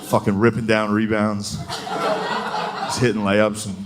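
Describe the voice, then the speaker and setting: A man's voice: on the low side, level tone, slow pace. A man doing a stand-up comedy set, telling stories in a crude, profane and laughing way. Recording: noisy live recording.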